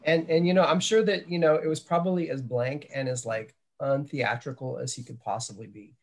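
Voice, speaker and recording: Gravelly, husky man telling a story. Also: mid-range voice, fairly even intonation, fairly quick. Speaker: class member sharing a testimony. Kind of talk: storytelling testimony.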